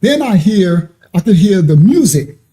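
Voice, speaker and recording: A middle-aged man, telling a story in animated, slangy casual talk with laughing asides. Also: sits high, a little slow. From New York.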